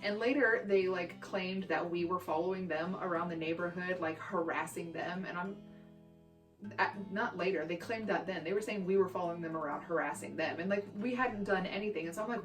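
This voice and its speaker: A young woman from Texas telling childhood stories in a brash, profane, animated way for her vlog. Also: fairly low pitch, brisk. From Texas, USA. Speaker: vlogger. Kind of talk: storytime vlog. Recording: roomy echo, distant mic, faint guitar music.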